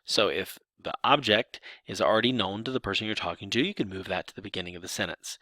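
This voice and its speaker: This man's voice is lowish and fast, with hardly any pauses, in a dry recording. He explains sign language grammar examples step by step, lively but with some restarts.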